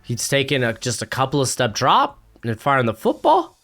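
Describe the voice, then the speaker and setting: A man hosting a casual solo sports reaction from home, excitable and rambling with many fillers. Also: mid-range voice, normal speed, soft background music. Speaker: sports commentary host. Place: home, with a dog nearby.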